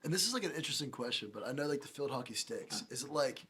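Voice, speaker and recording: A man's voice: medium pitch, expressive, fast, bright, forceful tone, breathy edge. A man hosting a podcast, asking curious, hesitant questions full of filler words. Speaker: podcast host. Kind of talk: casual interview questions.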